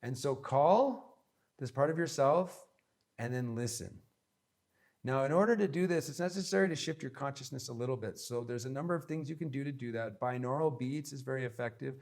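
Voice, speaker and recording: A man's voice: medium pitch, lively intonation, a little fast, a little mellow. A man giving an instructional talk on spiritual practice, earnest and emphatic, with many repeated phrases. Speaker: spiritual teacher.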